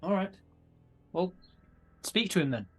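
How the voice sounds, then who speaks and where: A man's voice: sits high, big pitch swings, measured pace, husky. Blunt, pushy man playing a tabletop game. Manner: blunt, pushy, shouts in character. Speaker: player.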